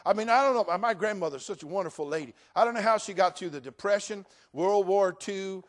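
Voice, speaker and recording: A middle-aged male pastor preaching a sermon, shifting from quiet storytelling to loud exhortation. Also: sits high, fairly quick.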